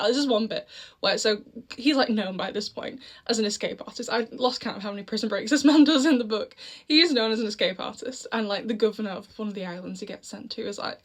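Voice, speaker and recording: A woman's voice: mid-range voice, fast. A young woman chatting casually about a book she read, laughing often and wandering into asides. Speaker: book reviewer. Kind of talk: casual book review vlog.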